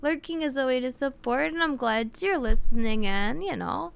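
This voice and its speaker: A woman streamer chatting casually with her viewers, talking with vocal fry and lots of fillers. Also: high-pitched, lively intonation, moderate pace. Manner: chatty, answers chat with fillers and laughs.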